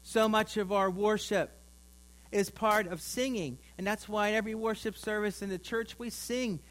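A male pastor preaching a sermon, swinging between loud emphasis and quiet asides. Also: high-pitched, fairly even intonation, normal speed. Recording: mains hum.

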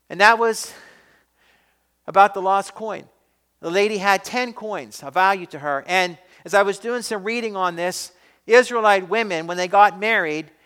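Bright, high-voiced male preacher. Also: smooth, long reverb tail. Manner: emphatic preaching with rising, questioning delivery. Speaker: pastor. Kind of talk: sermon.

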